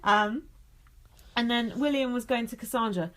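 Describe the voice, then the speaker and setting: A woman's voice: a little high, normal speed. A woman in casual recap chat, laughing often and swearing freely as a podcast co-host.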